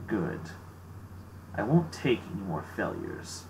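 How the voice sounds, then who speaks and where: A man voicing a menacing male villain lord on his throne, speaking low with threat in his words. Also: big pitch swings, slow pace, noisy background. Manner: low, threatening, with tense undertones.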